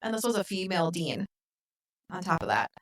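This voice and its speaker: A woman co-hosting a podcast, retelling a film in casual chat and acting out the characters' lines with lively swings. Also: on the low side, a little fast. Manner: animated retelling, acts out quotes. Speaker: podcast co-host. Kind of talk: casual movie recap chat.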